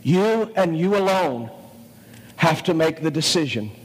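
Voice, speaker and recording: Slow, earnest male pastor in a hall. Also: on the high side, expressive, husky. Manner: earnest, pleading, short phrases with pauses. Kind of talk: sermon. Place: large auditorium. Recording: long hall reverb with faint music.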